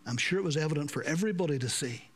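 A man preaching a sermon, swinging between raised emphasis and hushed, slowed passages. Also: a little high, expressive, husky.

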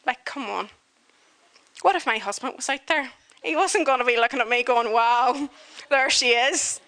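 Bright, chatty woman. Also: a little high, normal speed. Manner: animated, chatty, full of fillers. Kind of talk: humorous personal storytelling.

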